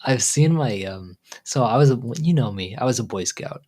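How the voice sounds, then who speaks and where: A man's voice: medium pitch, lively intonation, normal speed, darkish tone. Laid-back man hosting a chatty livestream. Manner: rambling, stop-start, often trailing off into fillers; laid-back, joking, chuckles often. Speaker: livestream host. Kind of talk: casual chat on a livestream.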